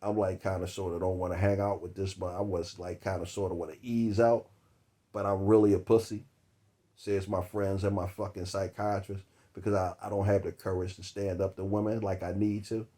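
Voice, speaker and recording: A man, telling a long comic story about a date that cost him, laughing between words and swearing freely. His voice sits a little low. The delivery is loose and conversational. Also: flat delivery, fairly quick, dark tone. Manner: profane, laughing through the story. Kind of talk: comedic storytelling monologue.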